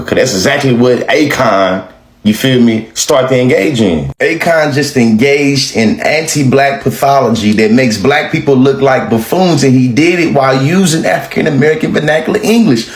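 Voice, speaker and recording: Man, critical commentary, lecturing tone, slightly high voice, roomy echo. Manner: measured, pointed, lecturing. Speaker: commentary host. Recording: echoey room.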